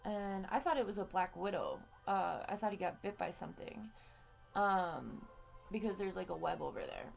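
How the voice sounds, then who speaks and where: A woman's voice: mid-range voice, expressive, normal speed, vocal fry, soft background music. A woman hosting her own vlog, telling a personal story in a casual, rambling way with frequent swearing and fillers. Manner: chatty, swears freely, many fillers. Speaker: vlog host.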